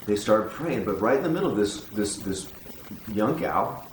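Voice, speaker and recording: An older man earnestly telling a personal testimony in a casual, animated way, often repeating words as he goes. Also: fairly low pitch, moderate pace, a little hiss or hum. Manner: earnest, animated storyteller who repeats himself. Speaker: guest giving a testimony. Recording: roomy sound from a distance.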